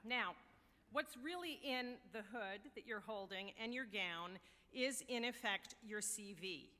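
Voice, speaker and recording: American woman, university official, podium speech, bright voice, long hall reverb. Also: medium pitch. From United States. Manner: wry, anecdotal, measured. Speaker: university deputy provost. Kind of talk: ceremonial address. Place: large ceremony hall.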